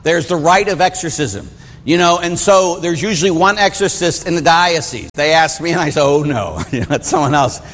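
A man's voice: fairly high pitch, normal speed, fairly bright tone. A middle-aged man, a Catholic priest from Pittsburgh, preaching in a folksy storytelling way and acting out the voices in his tales. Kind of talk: sermon with personal stories. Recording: long hall reverb.

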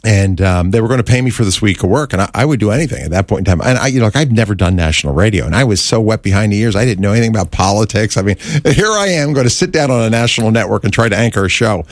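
A male talk radio host telling a story in an interview, animated and stammering, acting out the scenes he recalls. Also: fairly low pitch, very fast, hardly any pauses, no room sound.

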